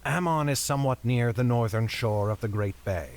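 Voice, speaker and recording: A man plays a wary male wizard in a read-aloud fantasy novel. He speaks calmly and deliberately, choosing each word with care. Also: mid-range voice, slight background noise, lightly acted.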